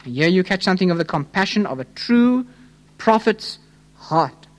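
A man preaching a sermon, fervent and questioning, dropping low and rising to urgent pleas. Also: lively intonation, normal speed. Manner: impassioned, swings between hushed low tones and fervent raised pleas; addresses listeners as friends, rhetorical questions.

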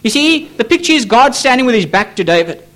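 Male pastor, very high pitch and lively intonation; emphatic, repetitive pulpit sermon. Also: quick pace. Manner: emphatic, repetitive preaching with pleading appeals. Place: church.

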